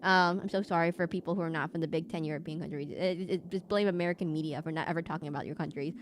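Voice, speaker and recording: A woman's voice: low voice, steady tone, rapid-fire, a little hiss or hum. A woman streaming a video game, chatting in a rambling casual way with many fillers and restarts. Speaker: VTuber streamer.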